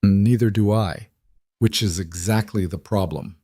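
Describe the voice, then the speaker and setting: A man's voice: lowish voice, measured pace, dark tone, dry recording, studio quality. A man doing a terse ex-soldier dad. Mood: terse firm. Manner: terse, firm. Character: guarded ex-soldier father, blunt and tense.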